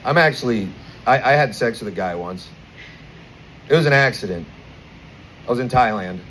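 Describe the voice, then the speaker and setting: Young american comic, crude animated stand-up, faint noise around him outdoors. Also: male voice, medium pitch, normal speed, poor audio. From United States. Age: 20s. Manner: crude, animated storytelling with acted-out quotes. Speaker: stand-up comedian. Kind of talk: stand-up comedy set. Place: outdoors at a bar.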